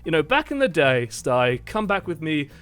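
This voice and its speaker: Bright, playful male co-host. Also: a little high, very animated, moderate pace, clear, resonant tone. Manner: playful, enthusiastic explainer. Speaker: gaming channel co-host. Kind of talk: casual gaming commentary.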